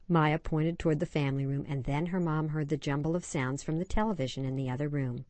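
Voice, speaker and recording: Woman, host, dramatic storyteller, low voice, dry close sound. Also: normal speed, few pauses, no room sound. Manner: expressive, dramatic reading. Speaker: radio show co-host. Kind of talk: scripted storytelling.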